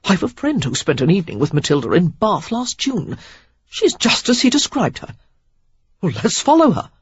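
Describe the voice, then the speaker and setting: A reader plays a pack of excitable young men, their voices raised high and loud as they babble over each other. The recording is dull, dry and lo-fi. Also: moderate pace, husky, no echo. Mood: eager. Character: eager young male gentlemen gossiping.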